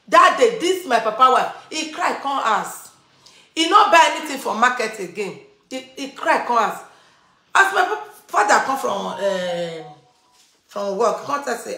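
Woman, Nigerian Pidgin accent, storytelling, emphatic repeats, bright voice, echoey room. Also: fairly high pitch, sing-song, unhurried. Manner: repetitive, emphatic retelling. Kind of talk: personal storytelling.

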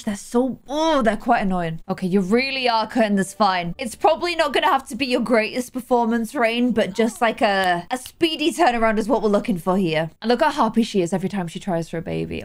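A woman giving chatty, excitable let's play commentary, breaking into gasps and exclamations. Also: a little high. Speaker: gaming YouTuber.

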